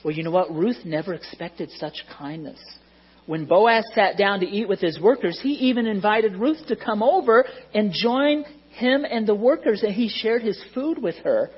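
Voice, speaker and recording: A children's Bible teacher telling a story to a group of kids in a lively way, asking them questions and hushing them. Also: medium pitch, moderate pace, breathy edge. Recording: dull lo-fi sound.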